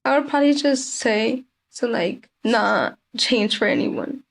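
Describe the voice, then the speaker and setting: A woman's voice: a little high, expressive, a little slow, creaky. A teenage girl as a guest on a talk show, speaking casually with many fillers like "like" and "damn.". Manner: casual, heavy use of "like" and "damn". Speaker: youth guest. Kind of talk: casual conversation.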